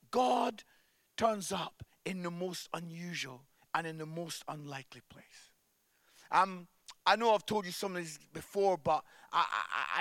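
A man preaching a sermon at a church service, animated, swinging from hushed tones to loud emphasis and often adding "yeah?" at the end of lines. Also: sits high, no echo, clean studio sound.

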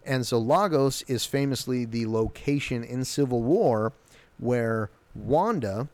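A man casually recapping a TV episode, rambling and excitable, with many fillers and restarts. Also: medium pitch, takes it slowly, no room sound.

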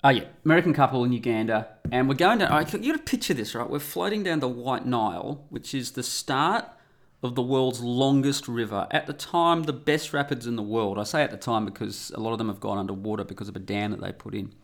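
A man's voice: medium pitch, animated, brisk. A middle-aged Australian man guest-hosting a podcast from home, talking in a rambling, irreverent and profane casual monologue. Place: home room.

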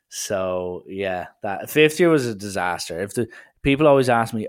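A man's voice: on the low side, expressive, normal speed. Brief: young Irish guy, casual rambling storyteller, self-deprecating.

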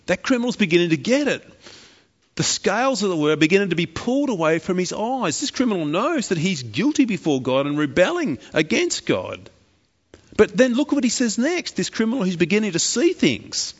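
A man's voice: sits high, big pitch swings, a little fast, breathy edge. A man preaching a sermon in an impassioned, emphatic way, repeating key phrases. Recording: echoey hall, dull lo-fi.

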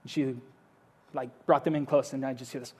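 A young adult man preaching a sermon, telling a story in a casual, animated and playful way. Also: medium pitch, brisk, slight background noise. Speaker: pastor.

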